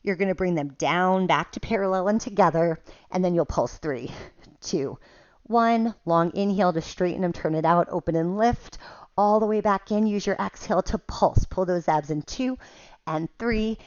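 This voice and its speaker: A woman's voice: on the low side, normal speed, a little mellow, dry recording, muffled recording. A woman teaching a Pilates workout at home, cueing each move with counts, a little out of breath. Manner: cueing moves with counts, laughing at herself. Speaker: Pilates instructor. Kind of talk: guided workout instruction.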